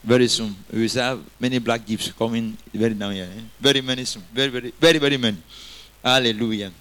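A man's voice: medium pitch, steady tone, quick pace, a bit bright. A man preaching a sermon, quoting scripture and getting the congregation to repeat lines after him.

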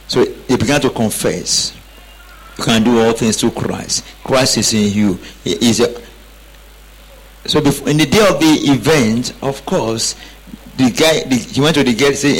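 A man's voice: medium pitch, lively intonation, moderate pace, slightly rough, poor audio. A man preaching a sermon emphatically, prompting the congregation to repeat after him. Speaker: pastor.

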